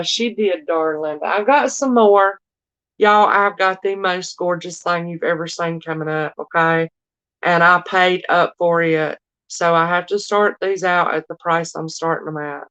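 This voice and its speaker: A woman's voice: lowish voice, fairly bright tone. A woman with a Southern drawl, chatting casually as she runs a live-stream auction and talks straight to her viewers. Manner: chatty, addresses viewers as y'all and darling.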